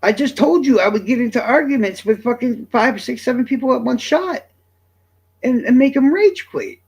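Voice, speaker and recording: Man, streamer, husky voice, high and lively pitch, profane, combative rant. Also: normal speed. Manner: profane, combative, addressing chat directly. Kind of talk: ranting livestream monologue.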